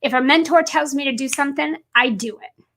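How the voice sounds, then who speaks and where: A woman's voice: sits high, fairly quick, a bit bright. A woman business coach giving an earnest, emphatic motivational talk on a livestream, repeating points for stress.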